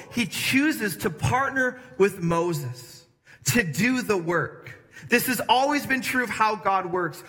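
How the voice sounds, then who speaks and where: A man preaching a sermon to a congregation, lively and emphatic, shifting his pace for emphasis. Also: very high-pitched. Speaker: pastor. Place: church hall with congregation. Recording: echoey hall.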